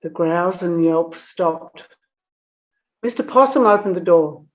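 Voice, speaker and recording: A woman narrating a children's book in an expressive storytelling manner. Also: on the low side, slow.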